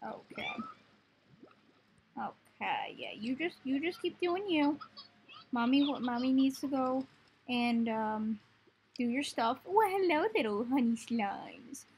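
High-pitched woman cooing over a game. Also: a little slow, darkish tone, slight background noise. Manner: coos baby talk at the game creatures. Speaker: gaming video host. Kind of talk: casual gameplay commentary.

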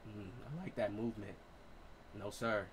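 A man in his late twenties giving excitable, profane live gameplay commentary as a streamer, trash-talking. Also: lowish voice, moderate pace, noisy background. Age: 20s. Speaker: gaming streamer.

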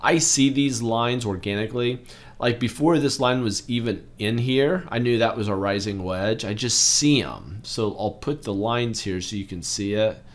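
A man in his forties hosting a trading channel, talking casually through stock charts and getting excitable over big moves. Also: medium pitch, moderate pace. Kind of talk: casual chart walkthrough commentary.

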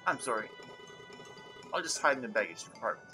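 A timid walking head from a video game , voiced by a reader, apologizes often and speaks meekly. The voice sits at a middle pitch. Game music plays underneath it. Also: sing-song, a little fast, natural voice. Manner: meek and apologetic.

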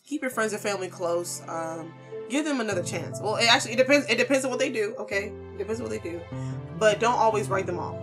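A woman's voice: medium pitch, fast, over music. A woman hosting a horror game channel, yelping at scares and teasing the game characters in slangy talk. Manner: loud, jumpy, yelps and shouts at scares. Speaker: gaming channel host.

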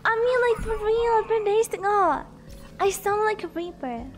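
A woman's voice: very high voice, expressive, moderate pace, over music. A young woman streaming a video game, chatting casually and giggling often. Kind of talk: casual gameplay chat.

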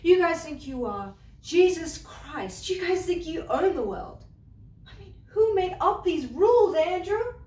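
A woman's voice: sits high, big pitch swings, measured pace, reverberant, distant mic. A woman playing a fiery, foul-mouthed young woman. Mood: bitter, defiant. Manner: profane, confrontational outbursts. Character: fiery young woman, ex-waitress, quick-tempered and defiant. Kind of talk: theatre monologue.

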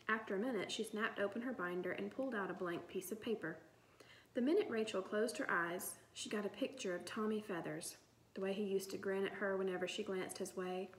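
A woman narrating a children's novel in an even storytelling manner. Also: medium pitch, a little hiss or hum. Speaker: audiobook reader. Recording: roomy echo.

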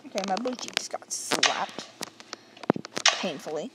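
A woman giving let's-play commentary on a video game, excitable, with silly sound effects and sudden yelps. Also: fairly low pitch, measured pace. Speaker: gamer. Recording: loud clicking noise.

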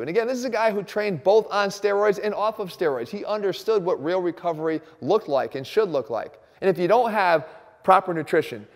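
A man explaining a workout as a fitness coach, talking emphatically and fast. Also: high-pitched, long reverb tail. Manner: emphatic and rapid. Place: gym.

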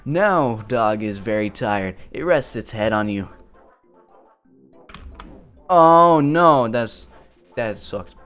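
A let's play gamer talks slowly and goofily through the game, pitch leaping up and down as jokes tumble out. The delivery is rambling and self-amused, with faint game music running underneath. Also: animated, fairly bright tone.

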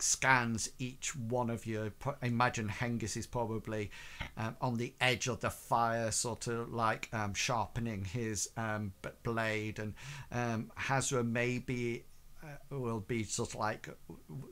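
A man's voice: mid-range voice, fairly bright tone, smooth. A man narrating as game master in a tabletop game, hesitant and full of fillers.

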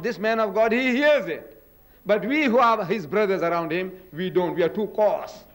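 Older guy preaching at a lecture, high-ish voice, big dramatic swings and loud quotes. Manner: dramatic, booming quotes and rhetorical questions. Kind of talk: religious lecture. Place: lecture hall.

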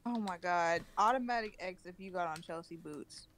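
A woman co-hosting a casual gossip podcast, teasing and asking quick questions. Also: on the low side. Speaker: podcast co-host. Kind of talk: casual chat.

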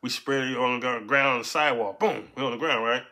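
A man casually telling a story from his past in street slang, punctuating it with "right?" and "so boom". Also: fast, pushed and bright. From Los Angeles.

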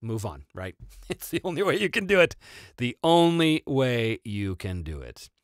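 A North American man hosting a casual livestream Q&A, animated and quick to laugh as he tells stories. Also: medium pitch, smooth, no echo, clean studio sound. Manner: animated, laughing, self-interrupting. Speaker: host and voice actor.

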